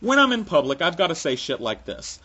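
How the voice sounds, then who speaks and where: A man's voice: a little high, big pitch swings, fairly quick, sharp tone, slightly rough, dull audio. A man ranting sarcastically with frequent profanity, in a solo comic monologue. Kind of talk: sarcastic comic rant to camera.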